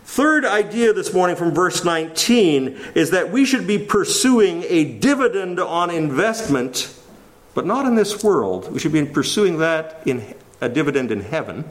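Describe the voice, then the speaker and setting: Lively-voiced male pastor preaching. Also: fairly high pitch. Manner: lively, varied delivery with slowed emphasis on scripture. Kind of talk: sermon.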